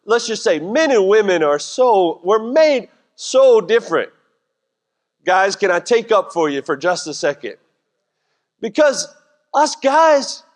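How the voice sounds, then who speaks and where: A middle-aged pastor with a drawl preaches in a loose, joking, conversational way, breaking into quick voiced asides. His voice sits high for a man. A long church reverb hangs behind his words. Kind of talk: sermon. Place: church sanctuary.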